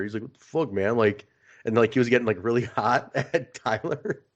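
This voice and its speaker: A man in his usual speaking range co-hosts a casual podcast and tells stories with animated energy, laughing through them. The recording sounds a little dull and lo-fi. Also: medium pitch, a little fast. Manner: animated storyteller, laughs while retelling. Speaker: podcast co-host.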